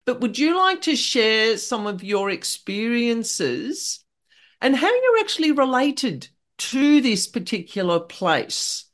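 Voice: mid-range voice, big pitch swings, slow pace, a bit bright. A host asking a guest questions in an enthusiastic, chatty way. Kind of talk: interview questions.

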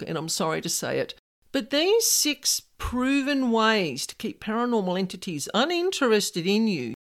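A woman in her fifties talks through her advice in an earnest, chatty way. Her pitch swings widely as she goes, lifting and dropping through each point. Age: 50s. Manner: earnest, animated, conversational. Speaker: spiritual advisor. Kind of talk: direct-to-camera advice talk.

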